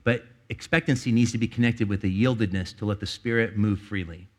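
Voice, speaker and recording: A man's voice: lowish voice, a little fast. A man preaching a sermon, telling a personal story in a rambling way with many restarts and laughs. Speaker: pastor.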